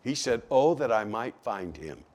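A man's voice: medium pitch, sing-song, moderate pace. Male preacher with wildly swinging delivery. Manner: dramatic swings from hushed to shouting, acting out the psalmist. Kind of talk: sermon.

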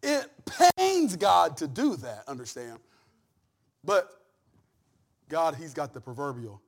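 A man with a high voice preaches with real fire. He drops to near-whispers for personal stories, then climbs into loud, shouted peaks. Dry, joking asides keep it folksy. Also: slow, pauses often. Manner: animated preaching that swings from soft asides to shouted climaxes; humorous, folksy storytelling with laughs. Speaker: pastor. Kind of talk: sermon.

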